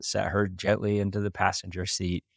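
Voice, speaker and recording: A man from Idaho in his thirties, a podcast host telling a heartfelt personal story in an earnest, warm-hearted way. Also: low voice, level tone, moderate pace, gravelly, dry recording, clean studio sound. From Idaho, USA. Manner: earnest, heartfelt, with light laughs.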